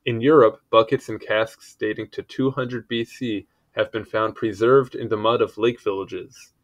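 A man's voice: fairly low pitch, steady tone, moderate pace, dull audio. Casual man reading an article aloud. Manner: casual, fumbles words and adds offhand asides. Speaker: article reader.

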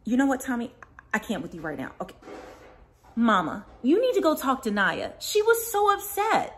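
A high, lively voice as a woman plays an exasperated mother. She scolds and pleads with rising frustration, tired of the drama around her, in a comedy sketch. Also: normal speed.

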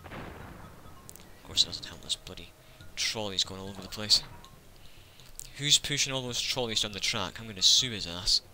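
Sharp-voiced gamer, sarcastic. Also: male voice, on the low side, moderate pace, pauses often, slight background noise. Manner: sarcastic, joking asides to the game. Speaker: let's play gamer. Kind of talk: casual gameplay commentary.

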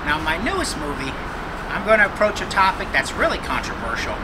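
A man's voice: high-pitched, huge pitch swings, a little fast, very noisy. A man playing an earnest, awkward documentary filmmaker, interviewing people on a city street. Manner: earnest, awkward, probing questions.

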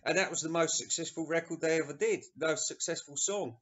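A man's voice: a little high, a little fast, fairly bright tone. A man giving a sweary, sarcastic rant while reviewing an album. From England. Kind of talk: ranting casual review. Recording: dull lo-fi recording.

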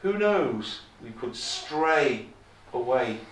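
With a mid-range voice, wide pitch swings and an extremely slow pace, a visiting preacher makes his point forcefully in a chapel. He repeats important phrases and lifts his volume for scripture. The far-off, echoey recording has a slight hiss or hum.

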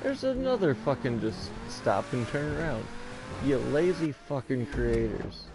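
A man's voice: medium pitch, big pitch swings, unhurried. A man swearing and grumbling in mock annoyance while he plays and chats. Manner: swearing, mock-grumpy commentary. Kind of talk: casual gaming chat. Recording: noisy voice chat.

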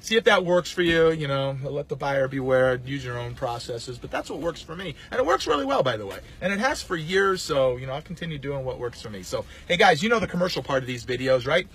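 A man, a landlord and coach, rambling in a casual, salesy pitch to camera. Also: animated, a little fast, few pauses, a bit bright, husky. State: out of breath. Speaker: landlord and real estate coach.

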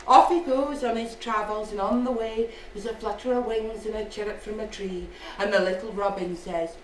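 A woman's voice: medium pitch, fairly even intonation, moderate pace, few pauses, far from the mic, slight background noise. A Scottish woman storyteller telling a folk tale live, playful, with asides, in an echoey storytelling hall.

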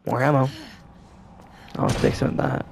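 A man's voice: unhurried, noisy background. A man hosting a casual let's play commentary, rambling and laid-back with lots of filler words. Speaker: gaming channel host.

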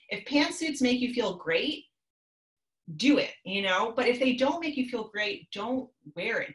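A woman's voice: medium pitch, fairly bright tone, echoey room, low-quality recording. A woman in her thirties, a business coach, giving upbeat, chatty advice over a video call from her home office.

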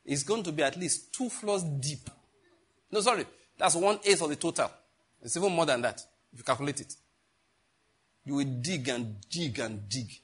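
A man's voice: on the high side, slightly rough. A middle-aged man, teaching a sermon in a conversational, joking way and asking the congregation questions. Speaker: pastor.

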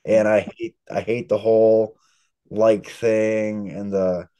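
A man's voice: on the low side, flat delivery, slow, mellow. A man being interviewed as an author, telling long, rambling stories in a casual chat. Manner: chatty, rambling storyteller. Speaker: author guest.

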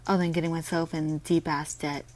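A woman's voice: low-pitched, level tone, brisk, a little mellow, natural voice. A woman voicing an awkward, hesitant young male college student in her own voice.

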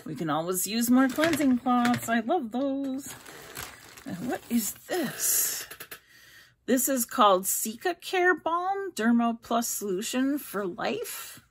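A woman's voice: a little high, big pitch swings, slow pace, slight background noise. A middle-aged woman chatting casually as she unboxes beauty products, reading labels aloud and stumbling over ingredient names. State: hiccups. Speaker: unboxing vlogger.

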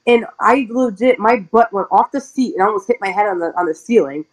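A woman pro wrestler telling a story in a casual interview, chatty and animated, full of "like" and quick laughs. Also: medium pitch, breathy edge, rough recording.

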